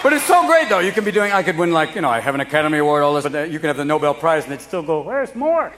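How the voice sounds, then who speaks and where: A man performing a live stand-up comedy set, rapid and manic, jumping between voices. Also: fairly high pitch, expressive. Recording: live club recording with crowd laughter and noise.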